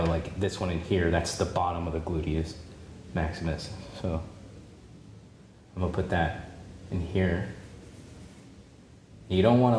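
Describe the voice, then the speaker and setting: A man teaching a drawing demonstration, relaxed and encouraging, thinking aloud as he draws and repeating key points. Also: deep voice. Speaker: art teacher. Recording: roomy with faint background noise.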